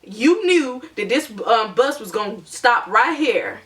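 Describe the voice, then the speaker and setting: A rude, impatient bus conductor barks at a passenger in a high, brash, drawling voice, as a woman puts him on. He is loud and scolding, and his voice comes from a bit off the mic. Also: very animated, unhurried, far from the mic.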